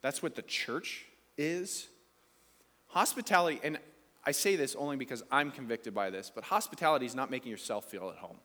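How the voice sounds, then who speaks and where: A man's voice: mid-range voice, lively intonation, fairly quick, bright, forceful tone, long reverb tail. A man preaching a sermon in a conversational, playful way, asking the congregation questions. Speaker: pastor.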